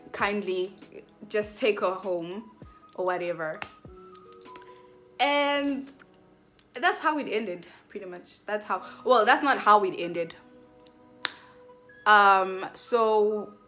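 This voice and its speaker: A young woman vlogger telling a casual storytime, chatty and animated, full of fillers and acted-out asides. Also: medium pitch, slow, long pauses, faint music behind.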